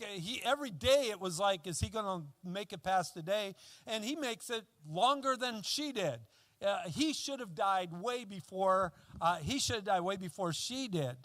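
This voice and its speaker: A male pastor preaching a sermon in a relaxed, conversational storytelling way, full of fillers and restarts. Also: high-pitched, no room sound.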